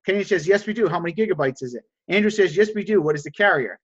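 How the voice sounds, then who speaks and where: A man coaching a group on a video call, energetic, reading out answers and acting out little dialogues. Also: sits high, racing, dull audio. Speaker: sales coach.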